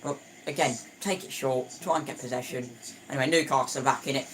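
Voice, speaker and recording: A man's voice: mid-range voice, steady tone, fast, a bit bright, slight background noise. A young man chatting through a live football match, opinionated, stumbling and restarting often. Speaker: football watchalong streamer. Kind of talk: casual live match commentary.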